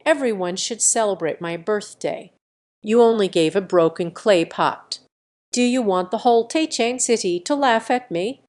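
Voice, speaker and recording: A woman's voice: medium pitch, normal speed, darkish tone, close to an everyday voice. A woman voicing a proud, scornful elderly matriarch in an audio story, in a plain reading voice. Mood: indignant. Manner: scornful, demanding.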